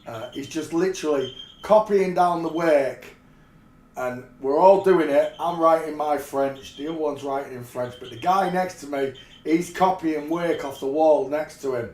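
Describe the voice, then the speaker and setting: A man's voice: a little high, moderate pace, darkish tone. Laughing man telling stories. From England. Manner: rambling, often breaks into laughter. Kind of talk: casual anecdote storytelling. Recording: roomy echo.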